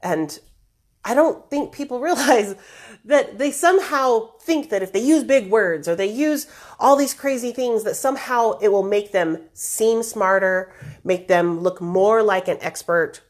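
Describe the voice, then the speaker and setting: A woman hosting a live stream with business tips, talking in a chatty, lively way and clearing her throat now and then. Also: mid-range voice, a little slow. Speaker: host.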